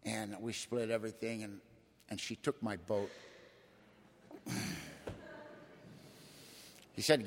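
A man's voice: on the low side, fairly even intonation, moderate pace, long pauses. An older man speaking at a recovery meeting, with a folksy, colloquial way of talking that swells with emotion. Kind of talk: personal testimony talk. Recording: echoey hall.

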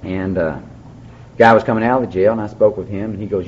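A man's voice: fairly low pitch, a little fast, a little hiss or hum. A man speaking at a recovery meeting, telling his story in a folksy way with dry humor. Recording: dull lo-fi recording, faint background.

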